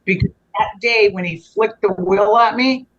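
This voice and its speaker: Over lo-fi sound and crowd noise, a medium-pitched woman speaking at normal speed shares a lengthy personal story as a show guest. Her earnest, chatty telling wanders and is full of restarts and self-corrections.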